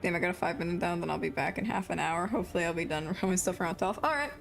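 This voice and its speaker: A woman's voice: fairly low pitch, rapid-fire, creaky, soft background music. A young woman streaming a video game, chatting casually with her viewers and muttering to herself, a self-described mumbler. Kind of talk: casual live-stream chatter while playing.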